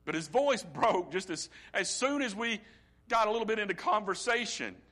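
Impassioned middle-aged preacher, bright-toned. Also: male voice, high-pitched, lively intonation. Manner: impassioned preaching that swings from hushed to loud; slow, drawn-out emphasis on key phrases. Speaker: pastor. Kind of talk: sermon.

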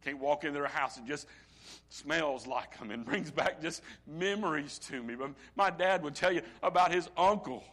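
This middle-aged pastor's voice is fairly high as he delivers a sermon, swinging from quiet, nearly whispered lines to loud, ringing ones. He emphasizes key phrases by drawing them out slowly.

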